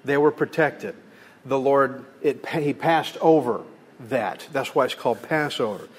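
A man's voice: mid-range voice, a little slow, husky. A man preaching a sermon as pastor, in a folksy, conversational way with homey examples. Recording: long hall reverb.

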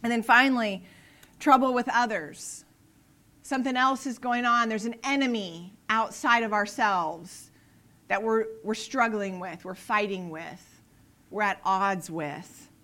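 A woman's voice: medium pitch, measured pace, pushed and bright. A woman in her thirties giving an earnest, casual Bible study lesson, often acting out prayers in quoted voices. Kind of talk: casual devotional teaching.

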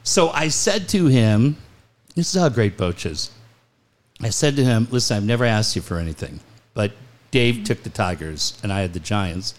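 A man's voice: fairly low pitch, moderate pace. A man hosting a sports talk show, telling a long, profane story with lots of laughter. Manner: animated storyteller, profane punchlines, laughs through quotes. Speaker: sports radio host. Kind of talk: casual storytelling chat.

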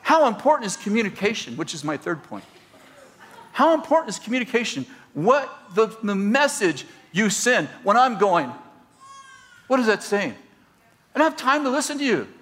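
A man with a high, bright, ringing voice delivering a humorous sermon. He speaks as a pastor and marriage counselor, telling animated stories and playing the people in them. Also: a little fast. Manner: storytelling, animated, acts out quoted people.

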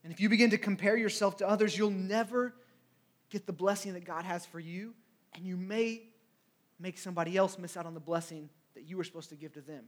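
A man's voice: high-pitched, steady tone, a little fast. A man preaching a sermon in a conversational way, often asking "right?" and acting out quotes.

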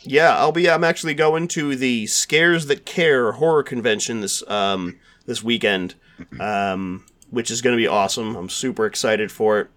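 A man's voice: mid-range voice, normal speed, fairly bright tone. A man hosting a podcast, chatting casually with lots of fillers and restarts. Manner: rambling, filler-heavy, frequent restarts. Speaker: podcast host.

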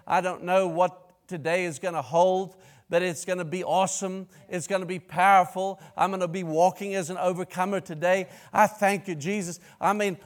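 A man with a slightly high voice delivers a sermon. He talks in a loose, rambling way, restarting his sentences and breaking into bursts of praise. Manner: rambling, self-interrupting with restarts and praise outbursts. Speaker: pastor.

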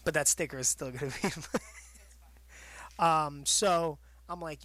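A man's voice: a little high, steady tone, normal speed, a bit bright. A man hosting a wrestling radio show in rambling, jokey casual chat. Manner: rambling, jokey, laughs a lot.

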